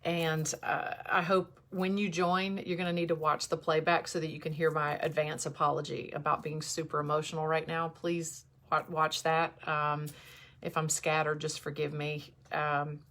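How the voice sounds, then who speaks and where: A woman in her forties talking candidly to viewers on a livestream, emotional and close to tears, halting and restarting. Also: deep voice, little pitch movement, a bit bright. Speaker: host. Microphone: camera in front of her.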